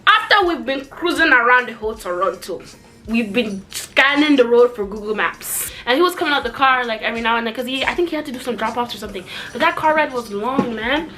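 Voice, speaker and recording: A young woman telling a storytime vlog in casual chat, sarcastic and animated, shooting up in pitch when outraged and dropping low and quiet for asides. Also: fairly quick, a little hiss or hum. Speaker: vlogger.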